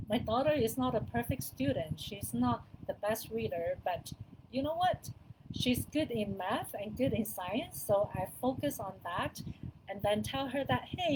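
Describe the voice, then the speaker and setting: A middle-aged woman giving parents casual, chatty advice to camera, with small grammar slips, repeats and soft laughs. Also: on the high side, background noise. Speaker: wellness coach talking to parents.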